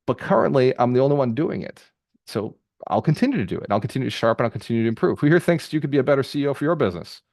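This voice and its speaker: A man hosting a group call as a real estate mentor, giving an energetic motivational talk with rapid, repeated phrases. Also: medium pitch, vocal fry, dry recording, studio quality.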